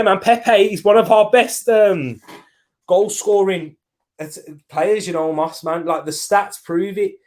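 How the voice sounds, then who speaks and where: A man's voice: medium pitch, a little mellow. A young man hosting a live football watch-along, chatting casually, reacting to the match and answering viewer comments.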